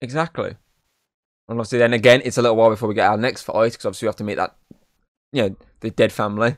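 A man's voice: on the low side, steady tone, rapid-fire, dry recording, studio quality. A young man, chatting casually through a film recap, rambling and swearing, with "obviously" in nearly every sentence. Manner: rambling, says "obviously" constantly, swears freely. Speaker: podcast co-host. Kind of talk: casual film review chat.

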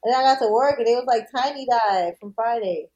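A woman co-hosts a podcast, chatting casually with lots of laughter and free swearing. Her voice is slightly high and her delivery brisk and animated.

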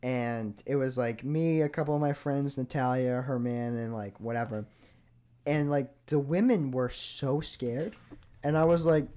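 A young man co-hosting a casual podcast chat, rambling, laughing easily and trailing off into quiet asides. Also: mid-range voice, measured pace, clean tone. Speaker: podcast co-host.

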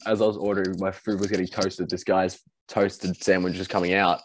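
A young Australian man co-hosting a podcast, telling animated stories with swearing. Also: low voice, fairly quick, slight background noise. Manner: animated storyteller, swears, laughs easily. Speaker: podcast co-host. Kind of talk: casual chat.

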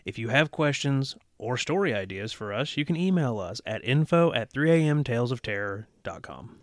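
A man's voice: medium pitch, lively intonation, moderate pace, dry recording, clean studio sound. A man co-hosting a podcast, teasing and joking in casual chat. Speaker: podcast co-host.

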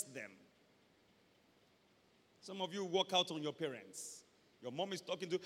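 A man with a Nigerian accent preaching a sermon, acting out scenes and breaking into loud shouts. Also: sits high, expressive, fairly quick, long pauses. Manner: dramatic, acts out scenes, switches to loud shouts. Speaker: pastor. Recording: echoey hall with long reverb.

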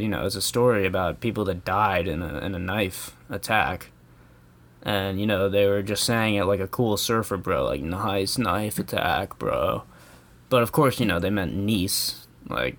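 A man's voice: deep voice, normal speed, fairly bright tone. An American man ranting casually in a rambling, profane way, chuckling often. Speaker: vlogger. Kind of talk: casual comedic rant.

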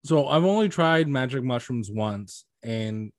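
A man's voice: mid-range voice, expressive, a little slow, no echo. Laid-back young man, dry close sound. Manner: laid-back, profane, filler-heavy. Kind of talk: casual chat.

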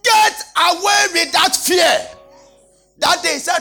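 A man's voice: extremely high pitch, slow pace, vocal fry, bright, forceful tone, shouting, faint music behind. A man preaching, telling a story in a dramatic, exclaiming manner. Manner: laughing, exclaiming, dramatic retelling. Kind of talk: animated sermon storytelling.

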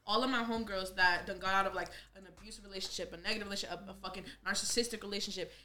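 A woman co-hosting a podcast in casual chat, loud, profane and quick to laugh. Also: medium pitch, steady tone. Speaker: podcast co-host.

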